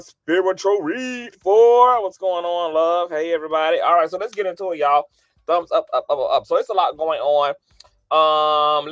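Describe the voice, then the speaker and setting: A man's voice: fairly high pitch, no room sound, clean studio sound. A man hosting a casual gossip livestream from his bedroom, sassy and flamboyant, calling viewers honey and girl and greeting them by name. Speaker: livestream host. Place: bedroom, lying down.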